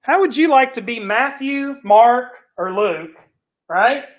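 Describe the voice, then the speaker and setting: A man's voice: very high-pitched, animated, takes it slowly. A male pastor preaching a sermon in a folksy storytelling way, often checking in with "right?" and "okay?". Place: church sanctuary.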